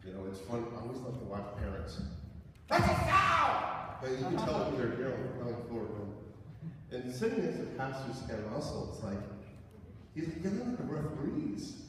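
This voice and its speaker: Animated man speaking in an echoey hall. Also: medium pitch, fairly quick. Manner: animated, acts out voices loudly. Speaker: chapel speaker. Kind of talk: humorous storytelling talk. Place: large school gym or hall. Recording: echoey hall, distant mic, noisy.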